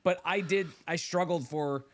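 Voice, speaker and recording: A man co-hosting a casual book club discussion, relaxed and reflective, with jokes. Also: on the high side, measured pace.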